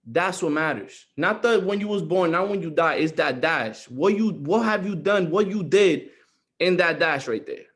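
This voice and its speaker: With lively intonation and a somewhat bright, fairly high voice, a young man speaks at moderate pace. His motivational group-call talk is heartfelt and repetitive, climbing toward emphasis.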